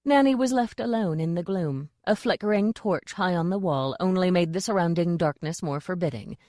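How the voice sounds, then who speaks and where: A woman narrating an audiobook in a measured, dry storytelling manner. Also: lowish voice, darkish tone, dry recording.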